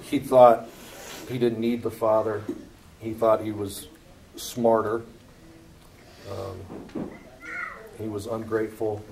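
A man's voice: fairly low pitch, little pitch movement, slow, gravelly, long pauses, darkish tone, a little hiss or hum, poor audio. A man teaching from the Bible in a casual way, reading passages aloud and then explaining them with fillers. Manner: reads scripture then comments casually, with fillers and laughs.

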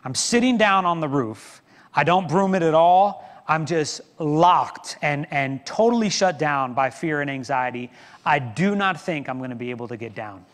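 A man's voice: a little high, expressive, moderate pace, fairly bright tone, big-room sound. A middle-aged man preaching a sermon as pastor, telling a story with self-deprecating humor. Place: church sanctuary.

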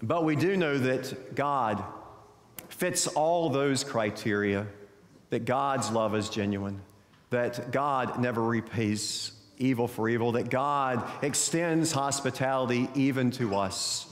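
A male pastor preaching a sermon with folksy storytelling and gentle humor. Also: medium pitch, takes it slowly. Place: church sanctuary. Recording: echoey church sanctuary.

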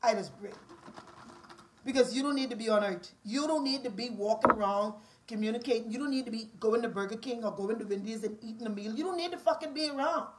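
High-pitched Bahamian woman ranting. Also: fast talker, heavy background noise. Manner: profane, repetitive, confrontational. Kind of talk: angry ranting monologue.

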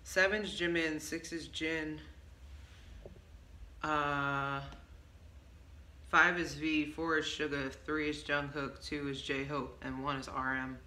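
Speaking slowly in a low, steady voice that is bright and forceful, a woman presents a song she wrote, pausing often. The casual vlog chat rambles, with many ums and self-corrections, and is recorded with roomy echo and faint hiss.

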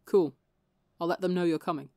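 A woman with a slightly gravelly voice, reading the lines of a relaxed young man who teases his younger friend. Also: lowish voice, a little fast, no echo, studio quality, lightly acted. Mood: teasing. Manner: teasing and relaxed. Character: teasing, easygoing young man, warm older-brother type.

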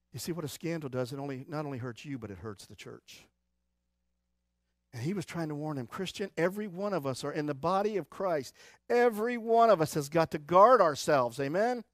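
A man preaching a church sermon, swinging between loud urgent exhortation and quiet low asides, with a Midwestern American accent. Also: no room sound, clean studio sound. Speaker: pastor. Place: church sanctuary.

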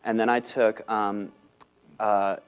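A man with a Southern American accent speaks at a panel event with a fairly low voice. He talks quickly and fills pauses with "um" and "uh". He has a self-deprecating, conversational manner. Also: little pitch movement, clean tone. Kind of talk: conference talk. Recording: talk recorded in a meeting room.

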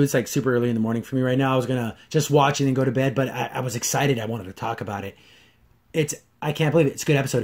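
Reviewing a cartoon episode alone, a man with a fairly high voice chats loosely, stumbling into restarts and fillers. He brings the characters' lines to life in energetic voices.

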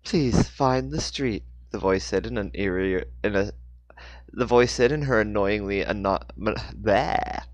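A man's voice: fairly low pitch, moderate pace, no echo. A man reading a novel aloud, stumbling and correcting himself now and then. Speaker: audiobook reader.

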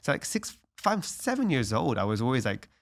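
A man's voice: mid-range voice, sing-song, moderate pace, vocal fry. A young adult man, a podcast guest talking earnestly and reflectively in casual conversation, with lots of "like" fillers.

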